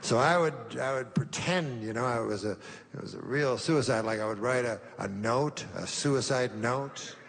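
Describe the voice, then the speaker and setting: A man doing a stand-up comedy set, telling stories in a dry, deadpan way with halting pauses. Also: mid-range voice, long reverb tail, slight background noise. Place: comedy stage.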